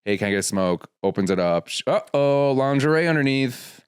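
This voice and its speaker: A young adult man co-hosting a podcast, chatting casually about a TV episode and reacting quickly to his co-host. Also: mid-range voice, expressive, clear, resonant tone, no room sound, clean studio sound. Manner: quick reactive back-and-forth, lots of agreeing. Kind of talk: casual chat recapping a TV show.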